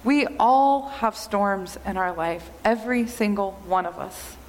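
Slow-preaching woman pastor in reverberant hall. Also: medium pitch. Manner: measured, earnest preaching. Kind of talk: sermon.

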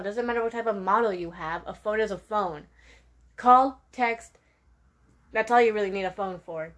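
A teenage girl giving a sassy, animated rant to her viewers, with laughing asides. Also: medium pitch. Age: teens. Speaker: vlogger. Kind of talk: casual rant to camera.

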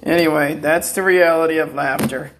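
Gravelly-voiced older man, defiant. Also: on the high side, fairly even intonation, moderate pace, fairly bright tone, slight background noise. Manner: defiant, taunting, breaks into laughter. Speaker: vlogger. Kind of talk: rambling personal monologue.

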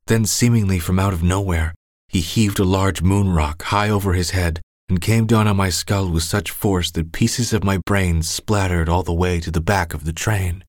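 A man with a very low voice reads a first-person story in a steady, somber tone. The recording is close and dry, with no room sound around him. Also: normal speed, no room sound. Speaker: narrator.

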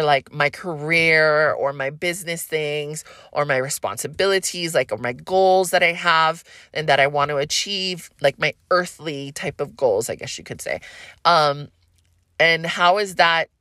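A woman's voice: deep voice, fairly bright tone, no echo, studio quality. A woman hosting a podcast, talking casually about astrology in a rambling, frank way, with a light Hawaiian accent and plenty of swearing. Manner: rambling, frank, swears freely, laughs often. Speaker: podcast host.

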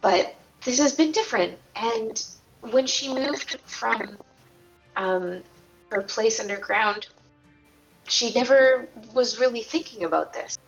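A woman player narrating her character's memory in a tabletop game, speaking softly and tenderly with pauses. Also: a little high, creaky, muffled recording, faint music behind.

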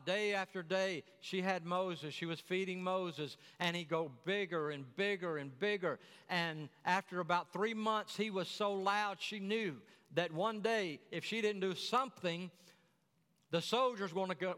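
A man's voice: sits high, fairly bright tone, clean tone, big-room sound. A man preaching a sermon, telling the story in a folksy way with chatty asides.

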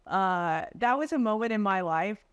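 A young woman talks casually about her sales career in a middle-pitched, conversational voice. She fills her speech with "like" and "dude" and slips into quick impressions of the people she describes. The sound is close and dry, as if she is on a video call. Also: animated, clear, resonant tone, dry recording, highs cut off. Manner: chatty, lots of "like" and "dude", acts out quotes. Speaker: podcast guest, remote sales closer. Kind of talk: casual interview storytelling.

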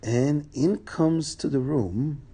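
Man telling an old story, gravelly low voice, keeps explaining stuff. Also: slow, warm tone. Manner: plain, repetitive, explaining to listeners. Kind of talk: oral folk tale storytelling.

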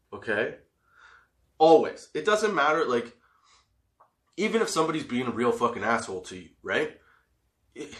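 Profane, bright-voiced man telling stories. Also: medium pitch. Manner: profane, laughs often, animated re-enacting. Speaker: storyteller. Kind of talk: casual storytelling. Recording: echoey room.

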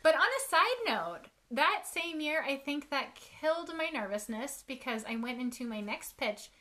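Bright, chatty woman storyteller. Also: sits high, expressive, normal speed. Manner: chatty, self-mocking storyteller, laughs often. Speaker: podcast co-host, author. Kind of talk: casual chat.

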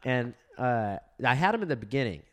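Young male comic, mid-pitched, loose and profane in casual chat. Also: sing-song, brisk. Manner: casual, profane, laughing, lots of fillers. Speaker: stand-up comedian.

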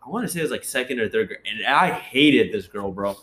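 A man's voice: mid-range voice, animated, fast talker, fairly bright tone. A young man telling a joking school story to friends, laughing along. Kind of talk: casual storytelling chat. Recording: echoey room.

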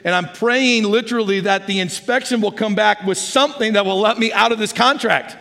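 A middle-aged pastor preaching from the stage with a notably high, light voice. He talks like he's chatting with his congregation, storytelling and then praying. The sound carries a long reverb from the big sanctuary. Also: a little fast, vocal fry, pushed and bright. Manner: conversational storytelling, sliding into prayer. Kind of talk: sermon. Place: large church sanctuary. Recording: reverberant church hall.

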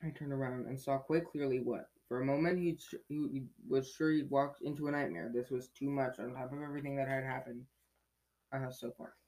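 A man's voice: medium pitch, fairly even intonation, fairly quick, darkish tone, rough recording. A man reading a novel aloud in a casual way, stumbling, correcting himself and breaking off into chatty asides. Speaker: reader.

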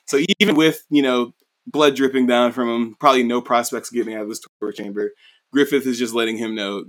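Dude rambling thru a story recap, swears a lot, tons of "you know"s. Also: male voice, mid-range voice, fairly even intonation, fast talker. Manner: profane, rambling, many fillers. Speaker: anime recap host.

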